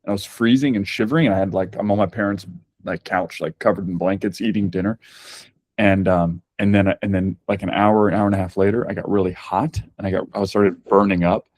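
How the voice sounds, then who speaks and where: A man's voice: deep voice, steady tone, a little fast, darkish tone, no echo, clean studio sound. A man talking as a podcast guest, candid and chatty as he tells his story. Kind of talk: casual conversation.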